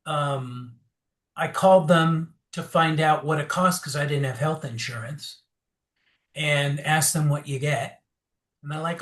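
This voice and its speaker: A man candidly telling his personal recovery story as an interview guest, animated and acting out quotes, with many fillers and restarts. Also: fairly high pitch, measured pace.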